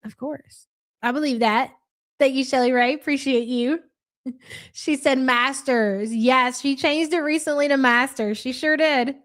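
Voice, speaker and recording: A woman's voice: high voice, fairly even intonation, a little slow, fairly bright tone. A woman hosting a live reaction stream, mocking the clips she watches with dry sarcasm and reading viewer comments aloud. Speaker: commentary channel host.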